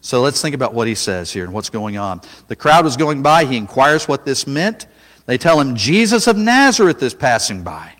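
A man preaches a sermon in a voice of ordinary pitch, telling the story with drama. He drops low for quiet asides and climbs to loud cries when he quotes. His voice rings out with a long reverb, as in a large church hall. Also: normal speed.

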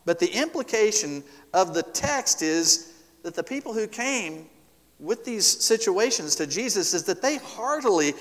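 A man preaching a sermon as pastor, rising and falling sharply in pitch and loudness for emphasis. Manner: expressive preaching with wide swings in pitch and loudness. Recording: long hall reverb.

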